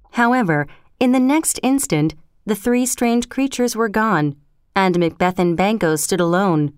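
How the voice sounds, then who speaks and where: A woman reads a story aloud in a measured, clear storytelling manner. Her voice is smooth and resonant, at a mid pitch. The recording is dry and close. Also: animated, no room sound. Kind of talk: storybook narration.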